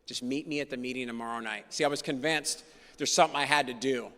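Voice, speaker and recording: A man's voice: medium pitch, fast, fairly bright tone. A man telling his personal recovery story to a meeting, earnest and emphatic, driving points home by repeating key phrases. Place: meeting hall. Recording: long reverb of a meeting hall.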